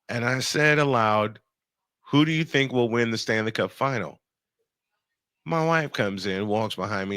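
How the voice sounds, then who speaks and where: A man hosting a radio show, telling a funny story in casual chat, animated and laughing often. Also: medium pitch, dry recording, clean studio sound. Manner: animated, laughing, quick bursts of speech. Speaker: radio and podcast host.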